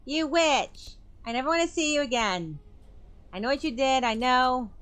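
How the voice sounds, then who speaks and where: A woman reading a tearful, hostile young woman in a game, shouting accusations in a high, shrill voice. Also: moderate pace, clear, resonant tone, lightly acted. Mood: hysterical.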